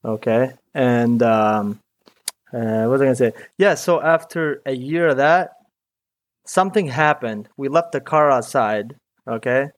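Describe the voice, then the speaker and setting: A man's voice: mid-range voice, unhurried. A young man from Iraq, a mechanic guest chatting casually in an interview, rambling and peppering his talk with "dude" and "you know".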